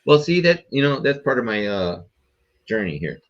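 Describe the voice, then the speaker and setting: A man appearing as a podcast guest, telling a story in a rambling, profane, animated way. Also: mid-range voice, moderate pace, dull audio. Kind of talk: casual storytelling.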